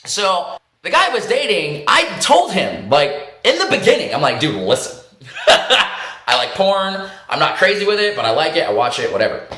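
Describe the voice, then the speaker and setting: A man casually telling stories to camera, animated and profane, laughing often and acting out what others said. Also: a little high, normal speed, echoey room. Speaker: vlog host. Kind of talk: casual storytelling monologue.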